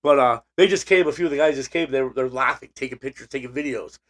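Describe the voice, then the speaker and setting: A man's voice: medium pitch, fast, fairly bright tone. A man co-hosting a casual podcast, telling a long rambling story with many restarts and fillers. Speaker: podcast co-host. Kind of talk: casual chat.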